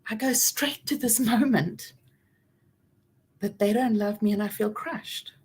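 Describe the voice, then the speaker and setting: A woman in her forties giving a personal talk about trauma, earnest and reflective, with soft pauses and gentle emphasis. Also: on the high side, slightly rough. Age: 40s. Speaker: speaker on trauma and healing.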